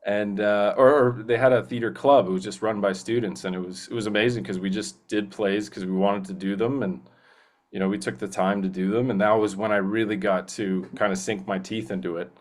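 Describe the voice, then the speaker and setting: A man's voice: fairly low pitch, steady tone, fairly quick. A young man, a voice actor talking earnestly in a casual interview, rambling with many restarts. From Canada. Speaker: guest voice actor.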